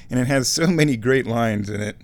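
A man from Omaha, Nebraska, telling a rambling, nostalgic story in a casual monologue, chuckling often and clearing his throat. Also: medium pitch. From Omaha, Nebraska, USA.

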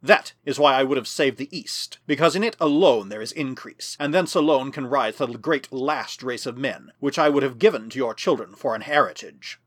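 A man's voice: medium pitch, a bit bright, no room sound, clean studio sound, lightly acted. A man voicing a bitter ancient tyrant. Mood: bitter prophecy. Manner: slow, bitter, grave pronouncements. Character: ancient bitter male superman ruler, menacing.

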